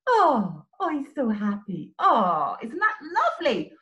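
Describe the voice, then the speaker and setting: A woman teaching young children, animated and sing-song, with exclamations and little songs. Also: a little high, measured pace, highs cut off. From Ireland. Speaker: early years teacher. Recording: roomy echo.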